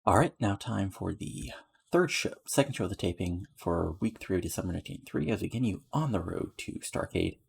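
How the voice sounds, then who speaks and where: A man's voice: deep voice, expressive, fairly quick, gravelly, slightly rough. A man casually narrating a wrestling booking game, rambling with lots of fillers as he reads out match results and ratings. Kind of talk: casual let's-play narration.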